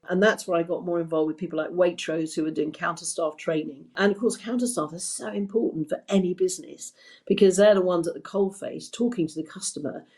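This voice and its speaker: A woman's voice: lowish voice, darkish tone. An older woman with a Kentish accent, a podcast guest chatting through her career in rambling, story-filled answers with frequent restarts. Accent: Kentish English. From England. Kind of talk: conversational interview storytelling.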